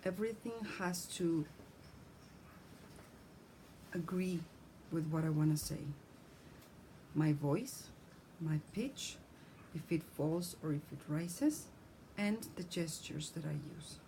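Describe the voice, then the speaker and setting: Woman teacher, lowish mellow voice, clear explanatory lesson delivery, faint background hum. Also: slow pace, long pauses, poor audio. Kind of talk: scripted lesson on speech.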